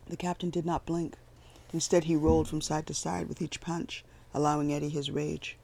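Gravelly male storyteller, steady and flat in pitch. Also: normal speed. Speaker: audiobook narrator. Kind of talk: scripted narration.

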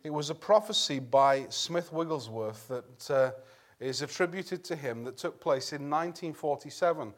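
A man delivers a sermon in a church, his voice sitting a touch high for a man. He speaks earnestly in a conversational way, stopping to clear his throat and circling back on his phrases. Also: normal speed. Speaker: preacher.

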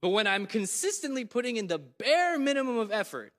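A man preaching a sermon in a church, lively and dramatic, acting out what God says. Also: very high-pitched, a little fast, in a large hall. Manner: animated, voices God in dramatic quotes.

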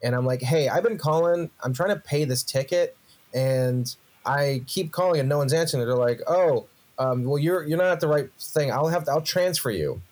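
A man's voice: a little high, moderate pace, a little mellow. A young man, a podcast co-host, telling a story in a casual comedic chat, swearing and ranting with rising energy.

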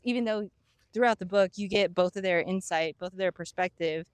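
A woman's voice: medium pitch, moderate pace, darkish tone, dry recording, studio quality. A young woman co-hosting a podcast, rambling with many "like" fillers and breaking into giggles. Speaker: podcast co-host. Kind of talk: casual chat.

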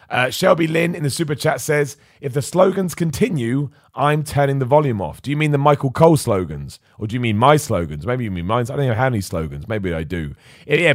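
Brief: male podcast host, mid pitch, chatty and opinionated, close dry mic. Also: no echo. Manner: chatty, opinionated, stumbles and repeats words. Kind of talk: casual wrestling chat, reading super chats.

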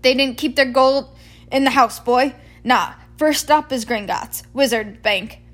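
Woman reading a big gruff friendly giant, booming and rustic, storybook voice. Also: unhurried. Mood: reassuring. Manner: loud, hearty, rustic speech. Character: huge gruff friendly male giant groundskeeper. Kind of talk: read-aloud storybook voice.

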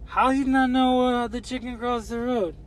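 A man's voice: mid-range voice, fairly even intonation, moderate pace, natural voice. A man voicing his sweet, silly old grandfather, who speaks broken English with a heavy accent and teases insistently. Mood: teasing. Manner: teasing, insistent. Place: inside a moving car. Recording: loud car road noise.

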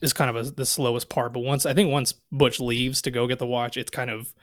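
Speaking a little fast in a medium-pitched, steady voice, a man co-hosting a podcast chats casually about movies. He retells scenes and recites lines, swearing included.

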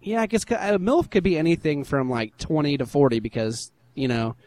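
A man's voice: a little high, big pitch swings, fairly quick, darkish tone, no room sound. A young adult man co-hosting a podcast, easygoing and agreeable, chuckling through casual chat. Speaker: podcast co-host.

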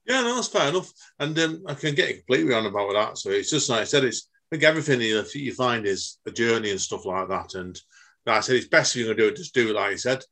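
Fast-talking podcast host. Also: male voice, medium pitch, lively intonation, a bit bright. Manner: chatty, calls guest mate. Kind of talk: casual podcast interview.

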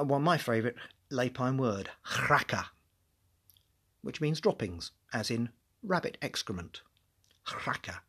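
Husky man musing as podcast host. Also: medium pitch. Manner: musing, thinks aloud, often restarts words. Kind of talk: solo podcast analysis.

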